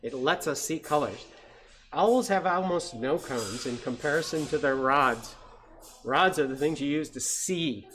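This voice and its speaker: This is a man educator at a science center reading picture books to children at a slow, easy pace. He tells the stories in an animated way and throws in bird call imitations. A faint background hiss sits under his voice. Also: fairly high pitch.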